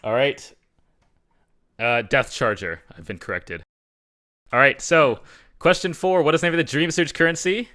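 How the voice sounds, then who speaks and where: A man's voice: medium pitch, moderate pace, pauses often, bright, forceful tone. A man hosting a casual podcast trivia quiz, reading questions and teasing the players. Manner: playful, teasing. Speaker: quizmaster.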